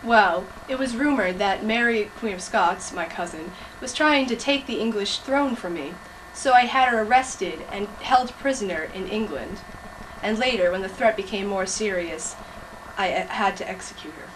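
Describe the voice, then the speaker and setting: A composed queen, as a teenage girl plays her for a school video, answering questions in a plain, unforced voice. She sounds set back from the microphone. A steady hiss runs under the home-video audio. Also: mid-range voice, moderate pace, recorded from a distance, close to an everyday voice. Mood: matter-of-fact. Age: teen. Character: Queen Elizabeth I, composed female monarch. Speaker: student actor in class project.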